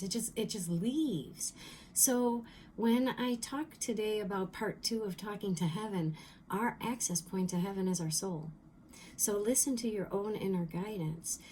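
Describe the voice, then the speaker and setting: A woman giving a heartfelt spiritual teaching in a vlog, repeating phrases and sometimes dropping into a soft whisper for emphasis. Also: mid-range voice, slight background noise. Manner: repeats phrases and restarts mid-thought. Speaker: spiritual medium.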